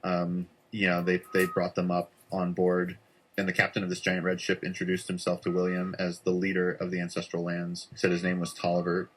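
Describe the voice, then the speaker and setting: Low monotone dude rambling through a tale, lots of likes and ums. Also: male voice, brisk, slight background noise. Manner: rambling, full of "like" and "um". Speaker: storyteller. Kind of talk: casual conspiracy storytelling for social video.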